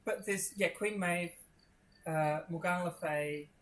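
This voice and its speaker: A woman playing a tabletop game, speaking casually and hesitantly. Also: fairly low pitch. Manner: halting, unsure, casual. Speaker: player.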